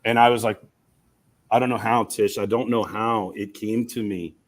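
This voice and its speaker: A middle-aged man, a guest on a video call from a campus room, telling his story in an earnest, emotional, animated way. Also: fairly low pitch, normal speed. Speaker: guest, communication professor and coach. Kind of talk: storytelling in an interview.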